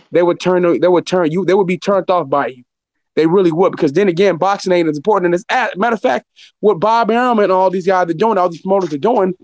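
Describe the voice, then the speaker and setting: A man's voice: high voice, darkish tone, dry recording. A man ranting heatedly about boxing, profane and fired up. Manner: profane, fired-up, talks fast. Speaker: guest commentator.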